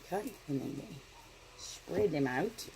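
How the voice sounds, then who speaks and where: A middle-aged woman giving a casual daily spiritual card reading, talking in a gentle, meandering way and often asking "right?". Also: deep voice, expressive, measured pace, gravelly, very noisy.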